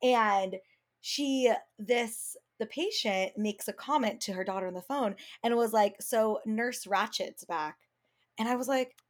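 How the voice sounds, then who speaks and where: A woman's voice: on the high side, unhurried. A young woman co-hosting a casual podcast, telling a story from her work as a speech therapist. She acts out the quoted voices and fills her talk with "like.".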